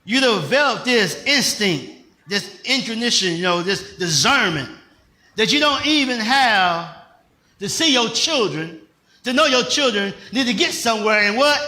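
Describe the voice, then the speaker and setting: Older pastor man preaching, high bright voice, asks the crowd stuff, gets shouty, echoey church. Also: animated, a little slow. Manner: conversational preaching, rising to shouts. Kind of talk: sermon.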